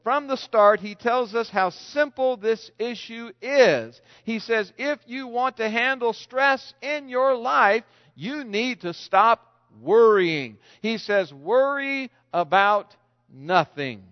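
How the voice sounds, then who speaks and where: A man's voice: extremely high pitch, lively intonation, slow. A man preaching a sermon, telling stories with restarts and acted-out quotes. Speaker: pastor. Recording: dull lo-fi sound with long reverb.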